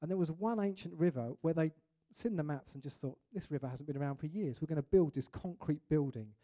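A man preaching a sermon in an animated way, acting out little scenes and voices. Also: a little high, a little fast.

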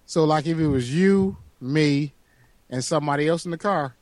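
A man's voice: on the high side, normal speed, darkish tone, no echo. A man co-hosting a podcast in casual, profane banter, laughing and teasing. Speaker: podcast co-host.

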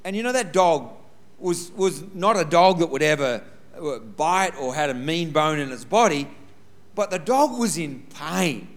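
Male preacher, slightly high voice, chatty storytelling sermon with humor. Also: lively intonation, a little slow. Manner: conversational, tells a personal story with humor, often says "listen". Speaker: pastor.

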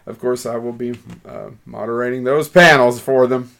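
A man's voice: medium pitch, steady tone, moderate pace, vocal fry, a bit bright. A man co-hosting a podcast, casual crude banter with a guest. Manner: joking, crude, loose. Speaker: podcast co-host.

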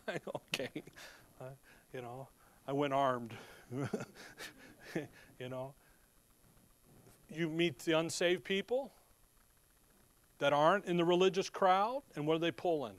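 A man's voice: fairly high pitch, lively intonation, measured pace, long pauses, no echo. A man preaching a sermon in a conversational, storytelling way. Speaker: pastor.

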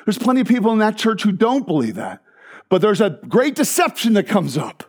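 A man preaching a sermon as pastor, animated and emphatic, with frequent restarts. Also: high-pitched, brisk.

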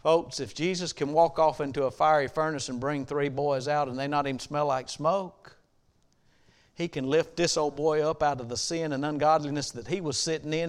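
Man, middle-aged, preacher, church sermon, clear resonant tone, repeats refrains, swells to passionate shouting. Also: a little high, fairly even intonation, moderate pace. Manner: builds from quiet reflection to impassioned shouting; repeats the same question like a refrain. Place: church sanctuary.

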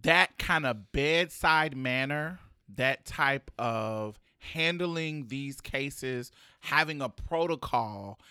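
A podcast co-host in casual chat about a TV episode, animated and quick to laugh, who turns earnest when making a point. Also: medium pitch, smooth, no room sound, clean studio sound. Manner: animated, slipping into quoted voices and laughter.

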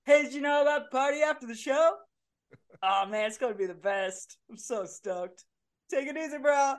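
A woman's voice: sits high, expressive, normal speed, voice pushed up. A woman voicing a laid-back male band manager, a surfer bro with a froggy, Kermit-like voice and drawling slang. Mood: stoked.

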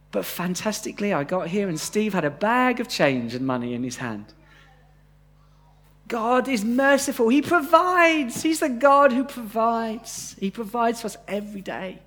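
A man's voice: very high-pitched, sing-song, moderate pace, fairly bright tone. A man preaching a sermon to a live congregation in a conversational way, often asking them questions.

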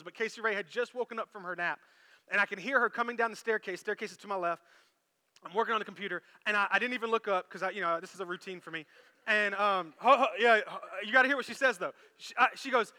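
A man preaching a sermon as pastor, animated and storytelling, acting out quoted lines. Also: very high voice, big-room sound.

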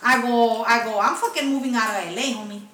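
A woman tells a podcast story in casual, cussing chatter, playing both sides of an old phone call. Her voice sits a bit high and sounds bright. She is recorded a little off mic in an echoey room. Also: quick pace. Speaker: podcast co-host telling a story. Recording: echoey room, mic at a distance, faint noise.

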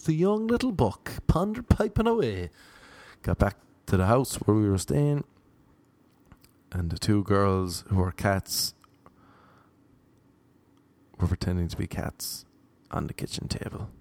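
Irish guy, young, low gravelly voice, rambling self-mocking story, quotes people in little voices. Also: very animated, a little slow, darkish tone. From Ireland. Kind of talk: casual rambling anecdote.

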